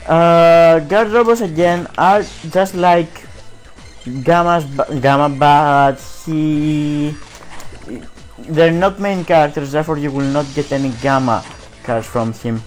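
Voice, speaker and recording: A man's voice: fairly high pitch, slow pace, faint music behind, poor audio. A man reading on-screen game text aloud while casually commenting on his play, often hesitating and restarting.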